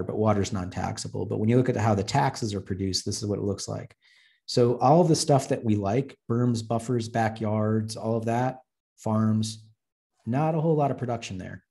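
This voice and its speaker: A man's voice: fairly low pitch, warm tone. A man, an urban planner, giving a blunt, joking webinar talk over slides and acting out the dialogue he quotes. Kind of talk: presentation with slides.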